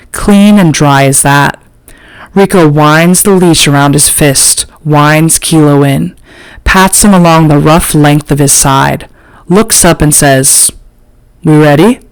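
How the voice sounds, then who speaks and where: A woman reads an audiobook in a measured, literary way. She takes it very slowly, letting each phrase land. The recording is close and dry, with no room sound. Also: low-pitched, clean tone, no room sound, low-quality recording. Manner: slow, measured, literary reading. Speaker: audiobook narrator. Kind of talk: scripted narration.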